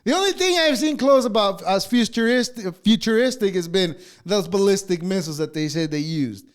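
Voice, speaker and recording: A man's voice: high voice, lively intonation, a little fast. A man co-hosting a podcast, ranting heatedly with constant swearing. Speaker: podcast co-host. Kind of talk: casual podcast rant.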